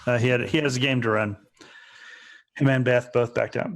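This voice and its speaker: A man's voice: mid-range voice, steady tone, normal speed. Rambling man in casual gaming chat. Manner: rambling, restarts often. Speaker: podcast co-host.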